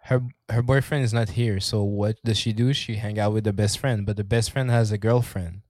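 A man's voice: lowish voice, steady tone, moderate pace, darkish tone, no room sound, studio quality. A man chatting casually as a podcast co-host, rambling, swearing often and laughing as he talks. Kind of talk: casual chat.

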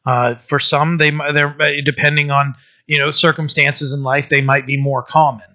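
A man's voice: fairly high pitch, level tone, normal speed, sharp tone. A middle-aged man preaching a conversational sermon, rambling, with many restarts and fillers. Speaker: pastor. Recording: dull lo-fi sermon recording.

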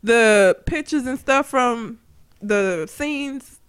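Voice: mid-range voice, drawn-out words, a bit bright, clear, resonant tone. A co-host in casual chat, talking bluntly with lots of swearing and frequent laughs. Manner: blunt, profane, laughs often.

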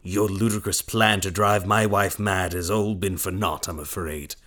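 Un uomo che interpreta un marito cattivo e subdolo, gentiluomo d'epoca, sprezzante e teatrale. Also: male voice, deep voice, steady tone, normal speed, fairly bright tone. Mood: cold contempt. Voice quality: sneering, contemptuous, theatrical. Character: scheming, scornful gentleman villain husband. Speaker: villain. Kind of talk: period drama acting.

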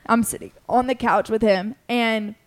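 A woman's voice: fairly high pitch, moderate pace. Chatty young woman telling a story. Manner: animated, acts out quotes, many "like" fillers. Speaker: podcast host. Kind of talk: casual storytelling chat.

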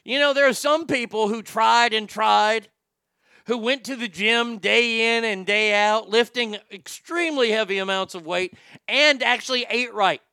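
A man's voice: very high-pitched, unhurried, bright, forceful tone, clean tone, no echo, clean studio sound. A man hosting a show, giving a profane, combative and sarcastic rant about celebrities. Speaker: host. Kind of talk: ranting celebrity commentary.

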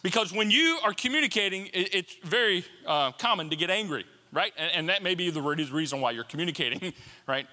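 Bright animated male pastor in a hall. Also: high-pitched, brisk. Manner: animated, playful, asides and self-mocking jokes. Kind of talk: sermon. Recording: long hall reverb.

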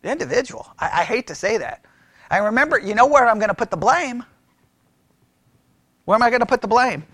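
High-voiced preacher asking the room questions. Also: male voice, fairly quick, pauses often, no room sound, clean studio sound. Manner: animated, asks the room questions, mimics critics; restarts and repeats words often. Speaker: pastor teaching church history. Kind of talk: sermon-style lecture. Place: church meeting room.

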